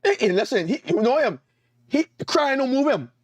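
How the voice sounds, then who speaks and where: A man's voice: very high voice, big pitch swings, normal speed, slightly rough, no room sound. A man with a Caribbean accent preaching a sermon as an evangelist, emphatic and repetitive, calling out to his congregation. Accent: Caribbean English.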